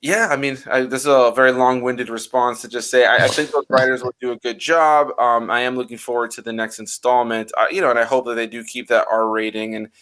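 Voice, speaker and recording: Bright-voiced man rambling in casual chat. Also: medium pitch, fairly quick, hardly any pauses. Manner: rambling, animated, many fillers. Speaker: host.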